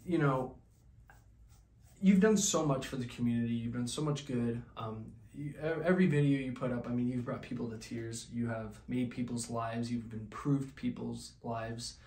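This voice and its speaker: A man hosting a comedy podcast sketch who rambles through his questions with stammers and lots of ums. His voice sits at a middle pitch. The room around him rings with echo. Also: normal speed, darkish tone. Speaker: podcast host.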